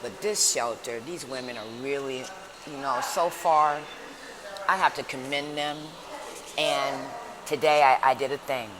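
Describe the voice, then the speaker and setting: A woman motivational speaker talking casually to her viewers in a lively, chatty storytelling way, recorded indoors at a shelter. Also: very deep voice, a little slow. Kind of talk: casual vlog talk. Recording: noisy background.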